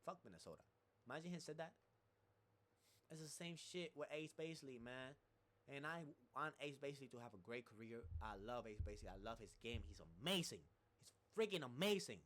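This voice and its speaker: A man's voice: medium pitch, lively intonation, normal speed, a bit bright. Rambling man ranting about basketball. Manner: rambling, repeats himself, swears freely. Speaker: streamer. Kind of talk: casual sports commentary rant.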